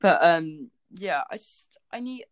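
A woman's voice: fairly low pitch, animated, a little slow, no room sound. A woman co-hosting a book podcast, chatting casually and rambling with lots of fillers. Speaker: podcast co-host.

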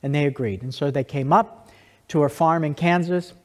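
Man, fairly high voice, conversational storytelling, restarts and asides, long hall reverb. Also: moderate pace. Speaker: speaker giving a testimony. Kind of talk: storytelling talk to an audience.

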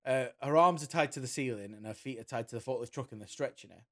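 A man's voice: mid-range voice, fast, fairly bright tone. Man, casual podcast chat, sweary and exasperated, rambling recap. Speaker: podcast co-host recapping a film.

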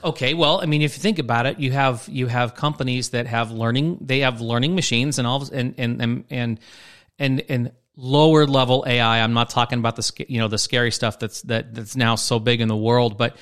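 A man co-hosting a relaxed Bible talk show in an easygoing, conversational way. He rambles, restarts his sentences and circles back to his points, at a middling pitch. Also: a little fast. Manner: rambling, many restarts and fillers, laughs easily. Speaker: podcast co-host. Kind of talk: casual Bible discussion chat.

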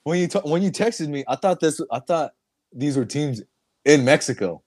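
A man's voice: fairly high pitch, animated, normal speed, a little mellow, breathy edge. A man co-hosting a podcast, chatting casually, laughing often and swearing as he reacts. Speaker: podcast co-host. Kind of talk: casual chat.

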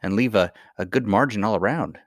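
Brief: male reader playing stubborn miner boy, gruff and sulky. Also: fairly low pitch, a little fast, no room sound, clean studio sound, lightly acted.

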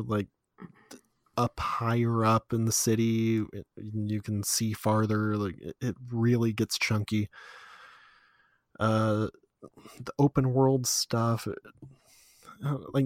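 A man with a middle-pitched voice talks in a casual, laid-back podcast chat. He fills his talk with ums and little laughs. His voice sounds dry and close, with no room echo. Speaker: podcast co-host.

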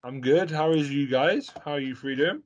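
A man hosting a casual chat over a video call, jokey and excitable, swearing freely. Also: a little high, normal speed.

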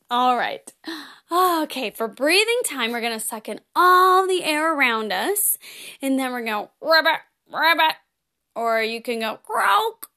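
A woman hosting a children's show, talking to young kids in a playful, giggly, gently encouraging way. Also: sits high, animated, measured pace.

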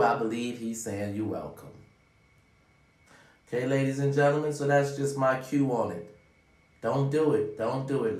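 A man delivering a profane, preachy motivational monologue straight to his viewers, often calling out "ladies and gentlemen.". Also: mid-range voice, far from the mic. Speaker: vlogger giving life advice. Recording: roomy sound, away from the mic.

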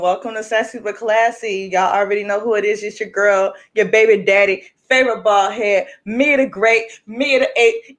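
A woman co-hosting a podcast in casual chat, loud, playful and full of slang. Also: mid-range voice, steady tone, normal speed, few pauses. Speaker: podcast co-host.

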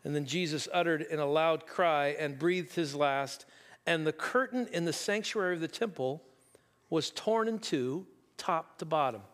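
A man preaching a sermon, telling a story and reading scripture slowly and deliberately. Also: fairly high pitch, a bit bright. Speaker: pastor. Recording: long reverb of a large room.

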